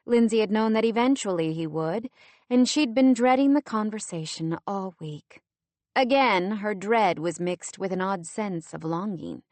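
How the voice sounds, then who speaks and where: A woman narrating a romance audiobook in a steady, measured storytelling manner. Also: medium pitch, dry recording. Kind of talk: scripted narration.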